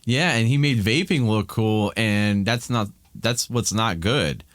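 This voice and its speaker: A man's voice: fairly low pitch, unhurried, a bit bright, dry recording. A man in his thirties from Ohio, a podcast guest talking candidly and rambling with many restarts in casual chat.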